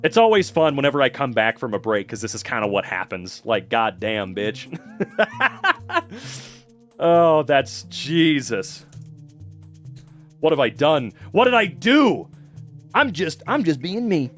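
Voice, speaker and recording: Excitable young man livestreaming. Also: mid-range voice, a little slow, pauses often, soft background music. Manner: excitable, swears a lot, laughs often, reacts to chat. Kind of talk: casual livestream chat.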